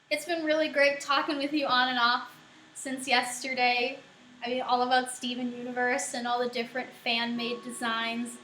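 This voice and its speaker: A woman's voice: fairly high pitch, pushed and bright, a little hiss or hum. Giggly young woman streaming from her kitchen. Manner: giggly, laughs often. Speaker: live streamer. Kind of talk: casual live-stream chat answering viewers. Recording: roomy echo with faint music.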